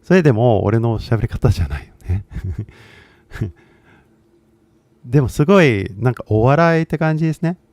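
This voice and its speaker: A man's medium-pitched voice comes across expressive, fast and a little mellow, with long pauses and no room sound. He's an English teacher with a Californian accent, chatting casually on a livestream and using lots of fillers as he switches languages.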